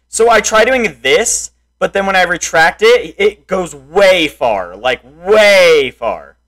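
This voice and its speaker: A young man yelling and grumbling at a game he can't beat. His voice sits high and bright and swings wildly, from low muttering up to sudden shouts. Between the outbursts he talks at an unhurried pace. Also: expressive. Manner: frustrated, yelling and insulting the game. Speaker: gameplay streamer. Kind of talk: raging gameplay commentary.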